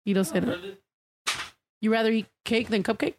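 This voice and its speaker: A breathless woman hosting a casual livestream, her voice sitting slightly high. She talks loudly and excitably and swears freely between quick remarks. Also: a little hiss or hum. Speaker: livestream host.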